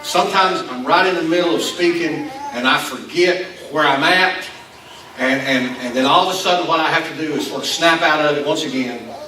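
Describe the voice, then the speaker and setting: This Appalachian Kentucky pastor speaks in a slightly high voice at a moderate pace, his Southern accent carrying a chatty sermon full of rambling, self-mocking anecdotes and false starts. Background noise is heavy. He's picked up from far off in the echo of a school space used as a church hall.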